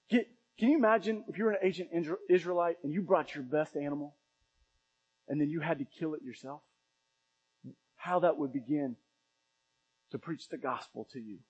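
A man preaching a sermon as pastor, impassioned, swinging between loud emphatic runs and quiet low asides. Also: big-room sound, low-quality recording. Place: church sanctuary.

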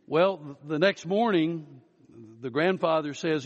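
Male pastor, Easter sermon, storytelling, slightly high voice, long hall reverb. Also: muffled recording. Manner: storytelling, slows down and rises for emphasis. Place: church sanctuary.

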